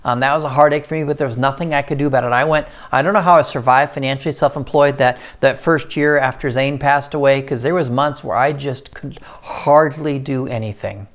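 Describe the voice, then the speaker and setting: A middle-aged man from the United States, talking heartfelt and encouraging in a personal monologue and slowing down to stress his points. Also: mid-range voice, steady tone. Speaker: host of a personal story series. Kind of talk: earnest talking-to-camera monologue.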